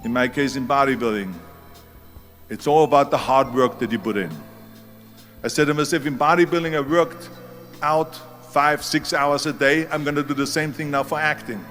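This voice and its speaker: A man's voice: medium pitch, normal speed, fairly bright tone, soft background music. A man in his seventies with a German accent, giving a motivational speech as emphatic storytelling that leans hard on key words. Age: 70s. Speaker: speaker.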